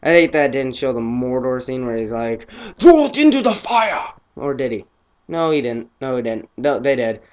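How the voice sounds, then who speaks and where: A teenage boy casually reviewing a film, excitable and rambling, his voice often trailing off quietly. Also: mid-range voice, moderate pace, clean tone.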